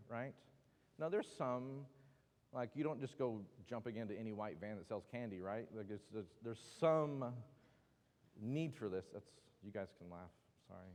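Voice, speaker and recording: A man's voice: fairly low pitch, darkish tone, long reverb tail. A man teaching a Bible class in a casual, joking way with lots of asides. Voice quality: joking, chatty, with many asides. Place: church meeting room.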